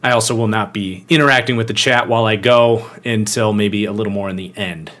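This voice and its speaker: A man's voice: lowish voice, steady tone, brisk, fairly bright tone. A young man hosting a live football podcast, chatting casually and greeting viewers by name. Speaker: podcast host.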